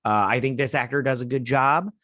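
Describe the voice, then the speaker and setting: A man's voice: mid-range voice, a little fast, bright, forceful tone, no room sound, studio quality. A man hosting a casual episode review, talking in a sarcastic, mocking way and acting out the characters' lines in silly voices. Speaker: show host reviewing a TV episode.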